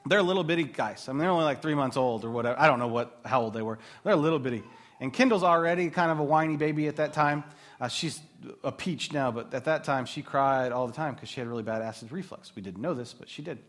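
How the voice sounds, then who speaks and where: At a gathering of Christian mothers, a man in his thirties shares rambling stories from his own life as part of a faith talk, warm and quick to laugh at himself. His pitch is medium and he talks fast.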